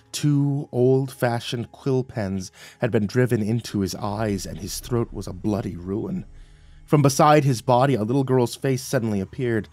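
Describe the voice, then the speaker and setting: A man narrating a horror story, swinging from hushed to loud and urgent. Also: on the low side, no room sound.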